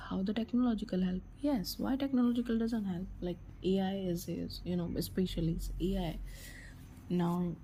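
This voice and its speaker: A woman's voice: lowish voice, mellow, poor audio. Hesitant woman explaining forensics, faint hiss. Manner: hesitant, many fillers and restarts. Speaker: forensics channel presenter. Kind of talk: informal educational talk.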